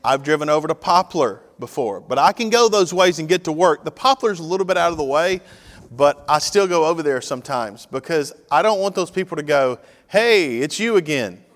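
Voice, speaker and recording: A man's voice: a little high, expressive, a little fast. Guy preaching, casual and jokey w the congregation, long echo like a big church hall. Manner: conversational, joking with congregation. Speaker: pastor. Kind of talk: sermon.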